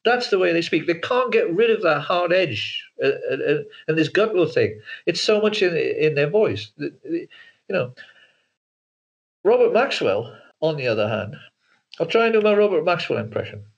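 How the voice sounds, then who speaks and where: A man talks as an interview guest, his voice sitting a little high for a man. He is hesitant, repeating words and restarting sentences as he goes. The sound comes through a video call and is dull and lo-fi. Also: very animated, moderate pace, gravelly. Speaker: guest, author and filmmaker. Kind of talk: casual interview talk.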